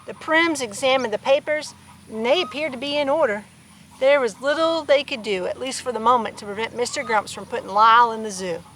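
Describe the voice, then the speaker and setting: A woman with a slightly high voice reads a children's picture book aloud outdoors. She tells the story plainly and breaks off now and then for playful asides to her farm animals. Faint farm noise can be heard behind her. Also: a little fast, a bit bright, poor audio. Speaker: storybook reader.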